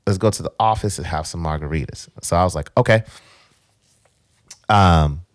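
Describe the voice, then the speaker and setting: Deep-voiced guy rambling through a story, repeats himself a lot, dry close mic. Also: dry recording. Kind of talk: casual storytelling chat.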